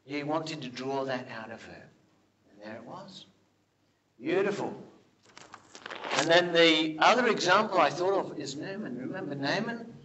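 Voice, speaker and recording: A man preaching a sermon, telling Bible stories with lively questions to his listeners and dropping his voice low and soft for quoted speech. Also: a little slow, long pauses, slight background noise, poor audio. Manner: animated storytelling, drops to a hush for quoted lines; asks the congregation rhetorical questions.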